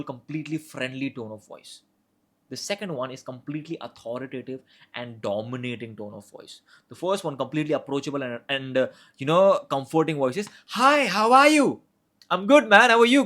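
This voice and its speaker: A young man teaching conversation skills in a casual, loose way, often restarting and repeating words as he explains. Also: mid-range voice. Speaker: communication coach. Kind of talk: casual instructional talk.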